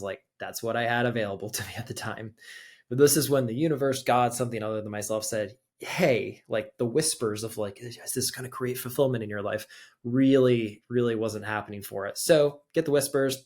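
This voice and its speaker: A young adult man, a podcast guest, telling a personal story in loose, casual conversation, peppered with "like". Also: mid-range voice. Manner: loose, conversational, heavy use of filler "like".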